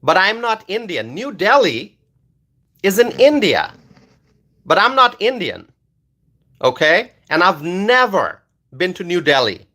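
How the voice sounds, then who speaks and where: A man from Bangladesh, hosting a casual livestream and reading viewer comments aloud, animated and loud at times. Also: high-pitched, measured pace, long pauses. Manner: animated, loud at times, with many fillers and repeated words. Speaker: livestream host reading chat.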